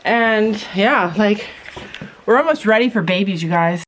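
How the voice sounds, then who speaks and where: A middle-aged woman vlogger chats casually on her farm in an animated, unhurried voice, with a little hiss or hum in the audio. Filming as she goes, she talks to her goats and voices them in squeaky high tones.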